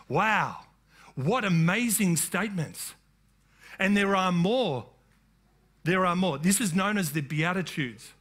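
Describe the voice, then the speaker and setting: Man, pastor, sermon, high voice, bright tone, emphatic calls of amen. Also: lively intonation, slow pace, long pauses. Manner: emphatic preaching with calls of amen and rising declarations.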